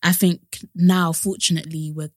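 A woman's voice: fairly low pitch, flat delivery, moderate pace, no room sound, clean studio sound. A woman co-hosting a podcast, chatting casually, laughing often and sharing frank opinions. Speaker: podcast co-host. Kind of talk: casual chat.

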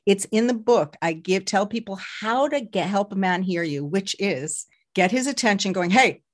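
A woman relationship counselor talks through her methods on a podcast. She is animated and keeps acting out what her clients say. Her pitch sits in the middle. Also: moderate pace. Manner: animated, acts out clients' voices. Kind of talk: podcast interview.

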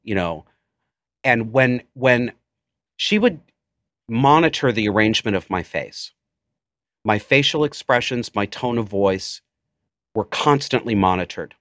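A man's voice: medium pitch, animated, a little slow, long pauses, fairly bright tone, no echo, clean studio sound. A man in his forties, a podcast guest, speaking intensely and emotionally about his life. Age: 40s. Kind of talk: personal storytelling in interview.

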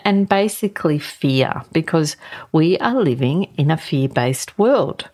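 A woman giving a gentle, reflective spiritual talk, unhurried, with thoughtful pauses and small restarts. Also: on the low side. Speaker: spiritual guide reading a card.

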